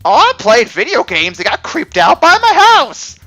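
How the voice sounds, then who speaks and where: A man voicing a squeaky-voiced teenage boy clone with an excitable, high-pitched manner. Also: moderate pace, no room sound, soft background music, exaggerated voice. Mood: chirpy.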